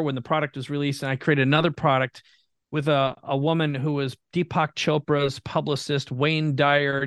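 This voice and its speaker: A man from Minnesota telling his story as a guest entrepreneur in an earnest, animated way. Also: a little high, no room sound, clean studio sound. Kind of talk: conversational storytelling.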